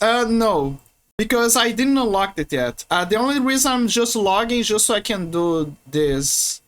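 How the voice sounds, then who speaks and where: A woman's voice: mid-range voice, sing-song, normal speed. A woman from Brazil, chatting casually and playfully with viewers while streaming a game, often restarting her sentences. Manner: rambling, playful, many restarts.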